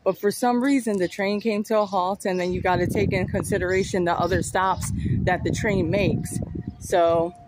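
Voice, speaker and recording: A woman's voice: medium pitch, fairly even intonation, normal speed. A woman vlogger talking straight to her viewers, chatty and rambling, recorded outdoors on a phone. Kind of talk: casual vlog talk to camera. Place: outdoors by a street and train station. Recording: outdoor street noise and passing vehicles.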